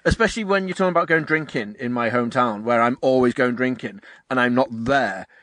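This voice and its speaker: A young man co-hosting a podcast in casual chat, recorded in a parked car, animated and quick to laugh. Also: mid-range voice, dry recording. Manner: chatty, animated, laughs often. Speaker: podcast co-host.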